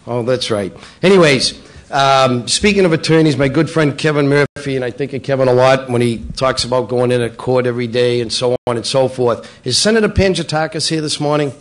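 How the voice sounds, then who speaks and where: A man's voice: mid-range voice, brisk. A middle-aged man, a local politician, telling roast-style jokes and teasing people at a public breakfast. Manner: teasing, jokey, playful. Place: banquet room at a public breakfast.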